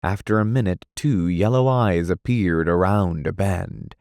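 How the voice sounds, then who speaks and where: A man narrating an audiobook in a measured, dramatic reading style. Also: low voice, darkish tone, clear, resonant tone, no room sound, studio quality.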